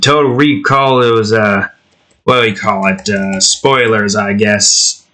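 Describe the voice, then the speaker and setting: A man talks slowly and loosely while he works on a drawing, rambling and musing to himself. His tone is bright and a little sharp, and his thoughts often trail off halfway. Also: fairly low pitch, fairly even intonation. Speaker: channel host drawing on stream.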